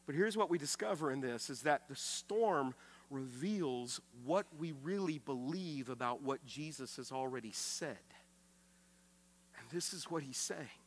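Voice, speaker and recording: A man pastor preaching a sermon with emphasis, swinging from loud to hushed and often repeating words as he restarts. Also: mid-range voice, lively intonation, a little slow. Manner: acts out quoted speech with raised voice.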